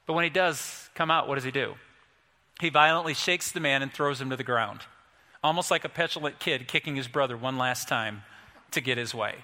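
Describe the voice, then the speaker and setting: Emphatic preacher, bright voice, long reverb. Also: male voice, medium pitch, brisk. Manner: emphatic, storytelling, rises to forceful climaxes. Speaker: pastor. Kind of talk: sermon.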